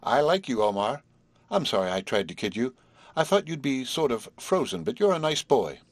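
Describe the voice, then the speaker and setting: A man's voice: mid-range voice, sing-song, moderate pace, creaky, dry recording, voice pushed up. A man voicing a brash, slangy young stage actress who teases and pushes. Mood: teasing. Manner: slangy, playful, pushy.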